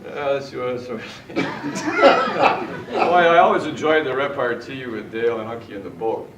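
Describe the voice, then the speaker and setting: Telling fishing anecdotes in a tribute at a party, this middle-aged man often chuckles as he goes. He speaks at a moderate pace with a medium pitch, and the lo-fi recording from the large indoor party room is echoey, distant, and noisy.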